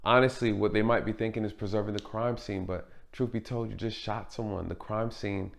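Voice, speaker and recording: A man's voice: on the low side, fairly even intonation, fairly quick, gravelly. A man hosting a commentary review, earnest and asking rhetorical questions. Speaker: commentary host. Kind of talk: courtroom video commentary.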